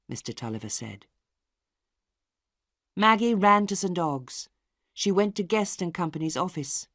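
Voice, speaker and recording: A woman narrating a story in a slow, clearly spoken reading for English learners. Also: on the low side, animated, a bit bright, dry recording, studio quality.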